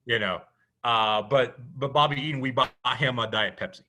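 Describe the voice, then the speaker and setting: A man's voice: mid-range voice, normal speed, sharp tone. A man, co-hosting a podcast and telling rambling casual stories full of restarts. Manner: rambling, with many restarts and "you know". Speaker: podcast co-host. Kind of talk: casual storytelling chat.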